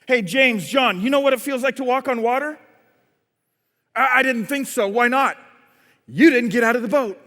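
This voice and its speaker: A man's voice: high-pitched, normal speed, pauses often, bright, forceful tone. A man voicing a fed-up fisherman firing back at his teasing friends, with long church hall reverb. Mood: cocky. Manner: cocky, retorting. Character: fed-up fisherman turning the tables on teasers.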